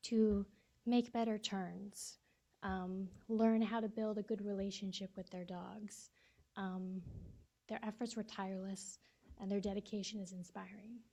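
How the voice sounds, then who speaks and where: A woman speaks at a graduation ceremony in an event room, thanking instructors and students one by one. Her voice sits at an ordinary middle pitch and gets a little teary and emotional as she goes. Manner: warm, emotional thank-yous, slightly teary. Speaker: guide dog class supervisor. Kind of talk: ceremony speech.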